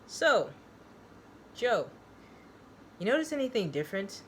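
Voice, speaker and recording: A woman's voice: on the high side, very animated, a little slow, a bit bright, a little hiss or hum, voice pushed up. A woman reading aloud from her own novel, voicing a brash young male psych ward patient who talks in slang. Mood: cocky. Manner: cocky, slangy, calls people dude and man.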